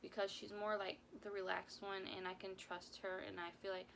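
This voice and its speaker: Speaking at normal speed, this woman has a mid-range, gravelly, slightly bright voice with little pitch movement, over a faint hiss or hum. She's a mom vlogger in her twenties rambling through a heartfelt story-time vlog, saying "like" constantly and sometimes nearly crying.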